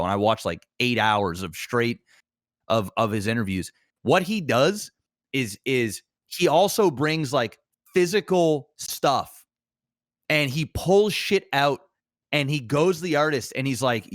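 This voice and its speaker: Animated, swearing male podcast co-host. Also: medium pitch, no room sound, clean studio sound. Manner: animated, swears often, many restarts. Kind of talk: casual podcast chat.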